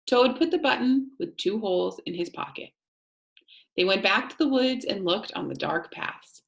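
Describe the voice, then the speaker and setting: A woman teacher reading a storybook aloud and explaining it to students, asking them gentle questions. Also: mid-range voice, expressive, normal speed, gravelly.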